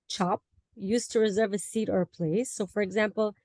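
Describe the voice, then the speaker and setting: A woman's voice: mid-range voice, fairly even intonation, brisk, darkish tone, dry recording. Woman presenting a class topic on a video call. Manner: explanatory, laughs often. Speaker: student presenter.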